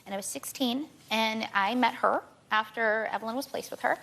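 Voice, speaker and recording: A talk show guest in her twenties hurries through an emotional personal account, repeating herself as she pleads her case. Her voice is a little high and fairly bright, with vocal fry.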